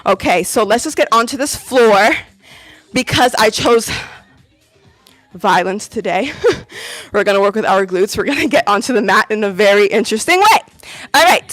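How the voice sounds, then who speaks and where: A woman's voice: fairly high pitch, a bit bright. A woman fitness instructor coaching a live workout, upbeat and encouraging as she counts reps, a little out of breath. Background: workout music.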